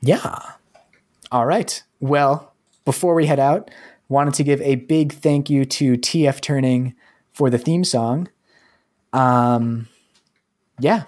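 A man's voice: medium pitch, slow, long pauses, darkish tone. A man hosting a podcast in casual chat, rambling with many fillers. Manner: rambling, heavy use of 'like' and 'um'. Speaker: podcast host.

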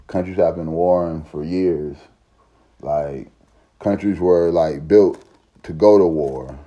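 A man's voice: low-pitched, slow pace, dark tone, highs cut off. A man, talking in a profane, rambling, emphatic casual monologue. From Southern United States.

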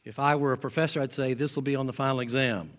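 A pastor with a faint Southern American accent preaching a sermon, stressing his key lines and repeating them slowly. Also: mid-range voice, steady tone. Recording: long hall reverb.

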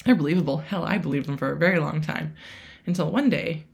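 A woman's voice: low-pitched, fast, creaky, a little mellow. Chatty woman in her thirties. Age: 30s. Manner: chatty, frequent fillers and self-quotes. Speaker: podcast host. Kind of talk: casual solo monologue.

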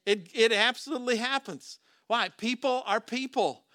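A man's voice: very high voice, moderate pace, bright, forceful tone, no echo, studio quality. A man preaching a sermon as pastor, talking to the congregation in a conversational way, with rhetorical questions and frequent restarts.

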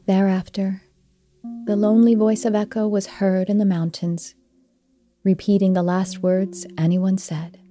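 A woman host narrating an old myth in a gentle, measured storytelling style. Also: mid-range voice, little pitch movement, soft background music.

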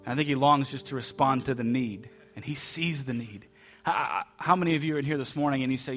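A man preaching a heartfelt sermon in a church, often repeating words and dropping to a soft voice for quoted lines. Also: mid-range voice, a little fast, faint music behind. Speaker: pastor. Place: church sanctuary.

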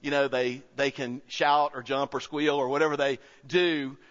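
A man's voice: medium pitch, level tone, moderate pace, fairly bright tone. A man, preaching a sermon to his church in a conversational style that rises into emphatic peaks. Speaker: pastor. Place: church sanctuary. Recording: dull sound with long hall reverb.

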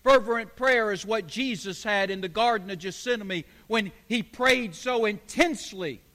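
A man's voice: high-pitched, moderate pace, a bit bright, big-room sound. A man preaching a sermon as pastor, emphatic and building phrase on repeated phrase.

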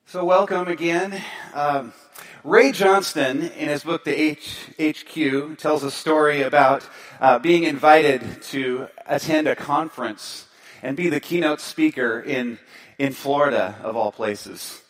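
A male pastor preaching a sermon, telling a story with lively energy and leading a quiet prayer. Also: fairly high pitch, measured pace. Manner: storytelling, animated, then softer in prayer.

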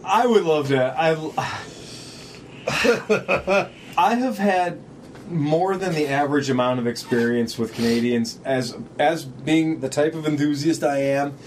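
A man's voice: on the high side, takes it slowly, slight background noise. Sarcastic, profane man on a podcast. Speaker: podcast co-host. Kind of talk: casual chat.

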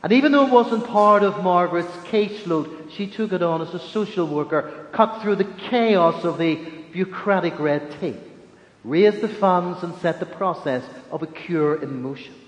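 A man with a high voice preaches a sermon in a big echoey hall, the reverb trailing after each phrase. He talks in a measured way and slows down to press his points home. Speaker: religious leader.

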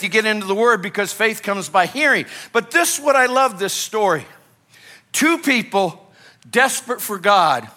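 Man, pastor, energetic sermon, rhetorical questions, high pitch, bright tense tone. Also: a little slow.

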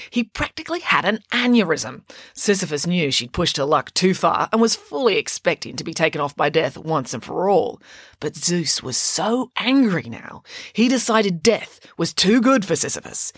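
A woman's voice: lowish voice, big pitch swings, normal speed, husky, no room sound, studio quality. A woman narrating a children's myth retelling with playful asides, as host of a story show.

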